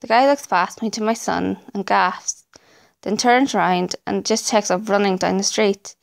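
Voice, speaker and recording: Gravelly woman narrating creepy stories. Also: mid-range voice, fairly even intonation, measured pace. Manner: dramatic storytelling. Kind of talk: scripted narration.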